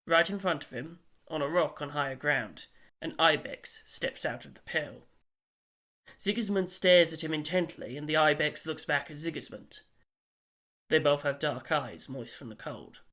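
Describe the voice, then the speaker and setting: A man narrating an audiobook in a measured, wry storytelling manner. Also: fairly high pitch, bright, forceful tone.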